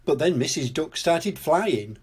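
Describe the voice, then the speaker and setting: An older man reading a children's storybook aloud, gently and expressively, as storyteller. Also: on the high side, expressive, measured pace, slightly rough.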